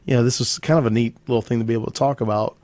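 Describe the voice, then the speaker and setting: A man's voice: medium pitch, fairly even intonation, very fast, a little mellow, no echo. A man hosting an interview podcast, chatting in an easygoing way. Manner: easygoing, many restarts and fillers. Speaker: podcast host. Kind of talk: casual interview chat.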